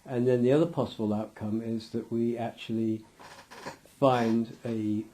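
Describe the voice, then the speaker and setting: A man's voice: mid-range voice, steady tone, a little slow, dark tone. A man giving a loose, rambling interview, restarting his sentences and acting out little scenes with laughter.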